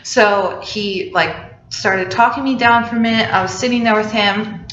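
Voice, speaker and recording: A woman's voice: medium pitch, fairly even intonation, moderate pace, fairly bright tone. A young woman telling a personal story casually, chatty and full of "like" fillers. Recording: roomy, slightly dull recording.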